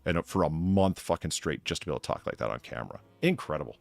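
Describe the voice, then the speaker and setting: A man's voice: a bass voice, animated, quick pace, gravelly, faint music behind. A man hosting a podcast in casual, rambling chat, swearing freely and gushing about what impresses him. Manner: rambling, profane, enthusiastic. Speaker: podcast host.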